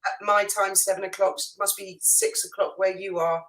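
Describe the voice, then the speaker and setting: A woman's voice: medium pitch, level tone, normal speed, crowd noise, poor audio. A woman chatting casually as a guest on a livestream, easygoing and self-deprecating. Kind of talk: casual chat.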